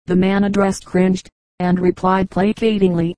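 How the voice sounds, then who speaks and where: A woman narrating an audiobook of humorous anecdotes in an even, unhurried reading voice. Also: fairly low pitch, dry recording, poor audio. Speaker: audiobook reader.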